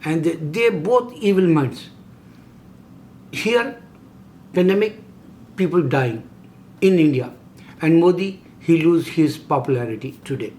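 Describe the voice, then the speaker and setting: Middle-aged man, impassioned, slightly high voice. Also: animated, a little slow, long pauses, a little mellow, a little hiss or hum. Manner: broken English, repeated emphatic rhetorical questions. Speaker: video host. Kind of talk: impassioned religious monologue.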